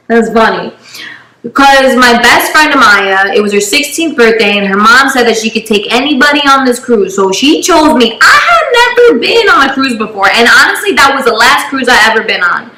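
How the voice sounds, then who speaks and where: A young woman telling a story in a casual, animated way, swearing freely and acting out the people in it. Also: fairly high pitch, moderate pace, reverberant, low-quality recording. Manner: animated, profane, acts out every voice in the story. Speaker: storyteller host.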